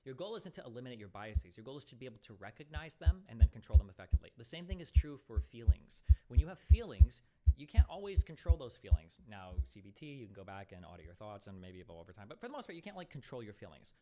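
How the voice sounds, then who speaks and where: Fast, blunt man with a dark voice. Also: medium pitch, big pitch swings, a little hiss or hum. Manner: blunt, profane, rambling. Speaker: streamer host. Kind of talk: casual live-stream debate.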